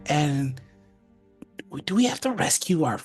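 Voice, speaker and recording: A woman's voice: low voice, sing-song, a little slow, darkish tone, slightly rough, soft background music. A woman playing a tabletop game with friends, chatty and full of questions. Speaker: player. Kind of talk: casual tabletop game chat.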